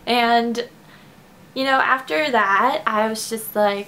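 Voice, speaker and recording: A young woman from Kentucky, a vlogger, talks to her subscribers in a casual, heartfelt video to camera. Her voice is a little high, steady, pushed and bright, and she speaks fast and emotionally, close to tears, with lots of fillers. There's a little hiss or hum in the audio.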